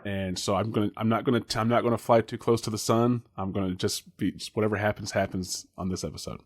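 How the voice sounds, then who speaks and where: A man's voice: on the low side, steady tone, fast talker. A man co-hosting a casual podcast chat, laughing often and rambling with lots of fillers. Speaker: podcast co-host.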